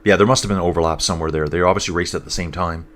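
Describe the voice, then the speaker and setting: A man with a very low voice talks casually through a live race, his nose a bit stuffed up. He keeps an easy, chatty flow, reading out comments from viewers as he goes. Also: steady tone, rapid-fire, fairly bright tone.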